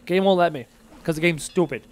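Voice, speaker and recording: Fairly high-pitched, a little mellow and fairly quick, a man provides live commentary while streaming a game. He chats, talks to himself as he plays, and reads out chat.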